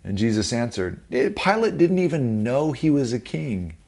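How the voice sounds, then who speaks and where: A man preaching a sermon as pastor, from the United States, emphatic and slowing down to stress key phrases. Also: mid-range voice, sing-song, darkish tone.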